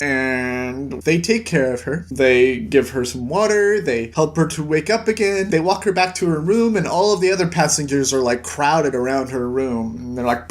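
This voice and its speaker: A man hosting a casual book review, retelling the plot in a quick, excitable way. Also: a little high.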